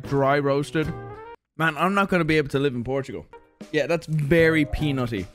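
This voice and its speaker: A man's voice: fairly high pitch, fairly bright tone. A young Irish man rambling and joking as he tastes and reviews snacks, now and then mock-defensive, over faint music. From Ireland. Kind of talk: casual snack review vlog.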